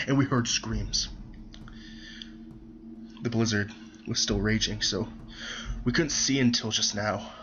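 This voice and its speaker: A man's voice: medium pitch, dull audio, natural voice. A man playing a panicked young soldier. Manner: stammering, panicked, breaking into whispers. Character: terrified young male soldier writing his diary. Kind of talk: creepypasta reading.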